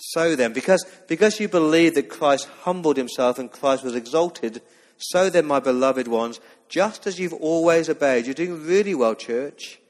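A man's voice: fairly high pitch, moderate pace. Earnest male preacher in a reverberant hall. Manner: earnest, emphatic preaching with scripture reading. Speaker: pastor. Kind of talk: sermon. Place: church.

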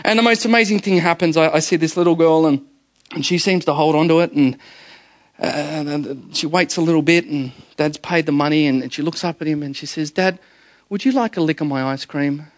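A middle-aged man delivering a sermon, his voice pitched a little high for a man. He preaches in a lively storytelling way, stumbling into repeated words as he speaks straight to the congregation. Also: a little fast. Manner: animated storyteller, repeats words, addresses listeners as guys. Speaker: pastor.

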